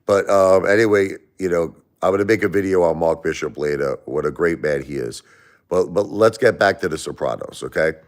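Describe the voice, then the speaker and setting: A low-voiced man with an East Coast accent hosts a live stream from home. He talks emphatically and circles back to the same points, shifting between raised protest and hushed blessings. He has been sick for a few days. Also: a little fast. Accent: East Coast American. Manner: emphatic, repetitive, swings between loud protest and soft blessing. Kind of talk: casual live stream chat. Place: at home by a Christmas tree.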